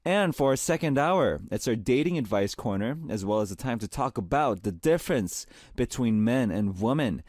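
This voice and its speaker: A man's voice: medium pitch, animated, moderate pace, a little mellow, no room sound. A young man hosting a radio music show, moving from a reflective scripted opening into friendly announcements at a studio microphone.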